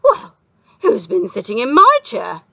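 A woman voicing a mother bear in a storybook reading, howling her lines loudly. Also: high-pitched, wildly swooping pitch, unhurried, gravelly, no echo, muffled recording, pitched above the performer's own voice, full character voice. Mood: indignant. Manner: howling, loud.

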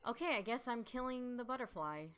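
A woman's voice: a little high, expressive, a little fast, a bit bright, clean tone. A woman voice-over artist giving chatty let's-play commentary while playing a puzzle game, reacting aloud with gasps and exclamations. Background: game music.

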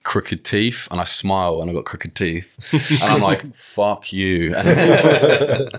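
A man's voice: sits low, animated, unhurried, a bit bright, slightly rough. A man talking as a guest on a podcast, rambling casually with many fillers and frequent swearing.

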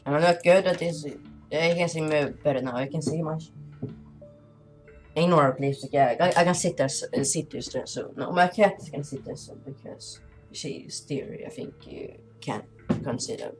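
A woman's voice: low voice, moderate pace, over music. A woman giving casual commentary while playing a horror game, chatty and talking to her viewers, jumpy and easily startled, with nervous laughter.

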